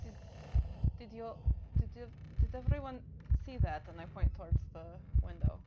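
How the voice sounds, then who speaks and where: A woman's voice: medium pitch, expressive, normal speed. A woman player in a tabletop game, speaking hesitantly and repeating herself. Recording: dull lo-fi audio with loud noise.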